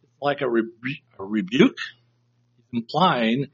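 A man's voice: medium pitch, very animated, normal speed, fairly bright tone, slightly rough. A man teaching a Bible study class, reflective and reading verses aloud to try out different inflections, in a dull lo-fi recording. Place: room with a live class.

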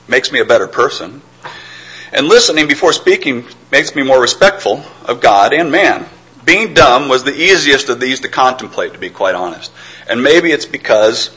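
Middle-aged male preacher, husky tone, earnest and reflective sermon delivery. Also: medium pitch, a bit bright, rough recording. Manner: earnest, reflective, with stammered restarts.

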